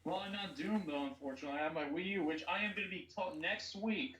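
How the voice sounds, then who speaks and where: Male podcast host, slightly high voice, excitable, roomy distant sound. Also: fast, a little hiss or hum. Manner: excitable, rattles off sports news. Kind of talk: casual podcast chat. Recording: echoey room, distant mic.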